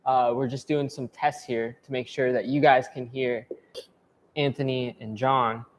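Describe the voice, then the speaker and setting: A man's voice: medium pitch, steady tone, measured pace. A man running a livestream, chatty and laid-back, talking to viewers in the chat. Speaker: livestream organizer.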